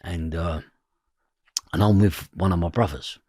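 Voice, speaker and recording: A man's voice: deep voice, fairly even intonation, a little slow, warm tone, no echo, clean studio sound. A man with a London Cockney accent, telling a story as an interview guest, acting out the voices in his quotes and swearing freely. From East London, England.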